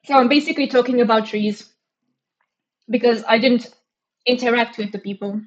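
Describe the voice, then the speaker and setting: A young woman from Romania, whose accent blends Romanian and British, chats casually as a live streamer. Her voice is a little high and moves at a normal speed, though the recording is muffled. She rambles, giggles often and pokes fun at herself.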